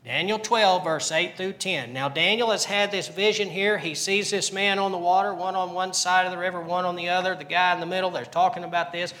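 A man's voice: high voice, fairly even intonation, a little fast, hardly any pauses, sharp tone. A man preaching a sermon, earnest and repetitive, asking the congregation questions. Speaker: pastor.

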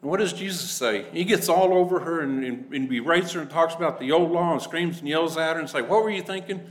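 A man's voice: a little high, brisk, low-quality recording. A man teaching a conversational Bible class to a congregation, plain-spoken and acting out the people he quotes.

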